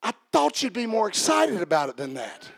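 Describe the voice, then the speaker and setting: A man preaching a sermon as pastor, swinging from quiet joking asides to shouted preaching and calling out to the congregation. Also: sits high, big pitch swings, fairly quick, vocal fry, no echo. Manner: talks back and forth with the congregation. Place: church service.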